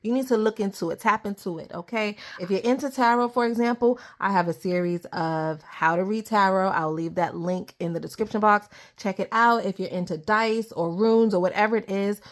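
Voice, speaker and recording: A young adult woman giving a casual tarot reading to camera at her table, chatty and easily excited, laughing often. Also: medium pitch, fairly quick, hardly any pauses. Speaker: tarot reader.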